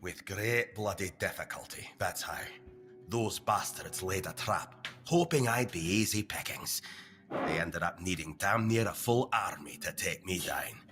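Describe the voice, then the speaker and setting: A man's voice: low-pitched, unhurried, a bit bright, soft background music. An actor playing a brash, battle-hardened male warrior prisoner in a video game, with a Scottish accent and coarse, swearing speech. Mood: boastful.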